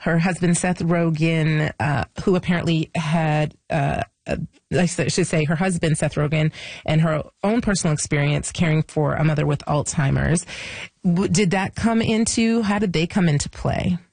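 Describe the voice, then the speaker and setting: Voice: mid-range voice, normal speed, a little mellow, no echo. An interviewer asking chatty questions, teasing at times and stumbling over restarts.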